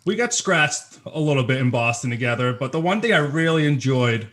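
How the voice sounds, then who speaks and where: A man hosting a podcast, quickly and casually asking a guest for a story. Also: medium pitch, animated, a bit bright. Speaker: podcast host. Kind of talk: casual interview question.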